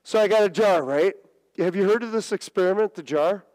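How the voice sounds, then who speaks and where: Animated male preacher in a reverberant church. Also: a little fast. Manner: storytelling with many restarts and stammers, dramatic swings of pitch. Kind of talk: sermon. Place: church sanctuary.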